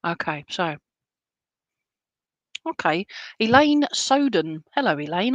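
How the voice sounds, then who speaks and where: A woman giving a chatty, reassuring clairvoyant reading as a spiritualist medium, slipping into soft whispered asides. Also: lowish voice, sing-song, slow pace, no room sound, lo-fi sound. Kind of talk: live online clairvoyant reading.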